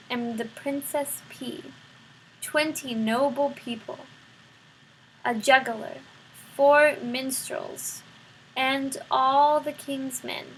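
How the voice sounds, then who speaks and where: A woman reading a children's novel aloud, expressive and speaking straight to the listener. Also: sits high, slight background noise, rough recording. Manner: expressive, addresses the listener directly. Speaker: storybook reader.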